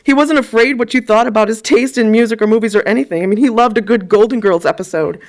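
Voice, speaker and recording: A woman's voice: on the high side, quick pace. A woman in her forties giving a eulogy, telling personal stories in a chatty way with frequent ums. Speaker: eulogist at a funeral.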